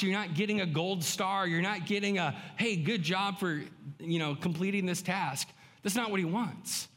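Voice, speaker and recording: A man's voice: high voice, fairly bright tone. A male pastor preaching a sermon in a conversational way, often acting out the inner voices of his listeners. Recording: long hall reverb.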